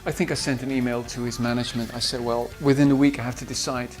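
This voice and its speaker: A man's voice: medium pitch, flat delivery, fast. A man with a Dutch accent, a composer recalling his singers in an interview, hesitant with many fillers and restarts. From Netherlands. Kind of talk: interview reminiscence. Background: faint guitar music.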